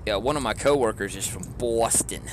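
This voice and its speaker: A man from Georgia with a Southern accent, chatting with his stream viewers in a relaxed, rambling way, often chuckling. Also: on the low side, brisk, slight background noise. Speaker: live streamer. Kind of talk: casual chat with stream viewers. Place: in a car.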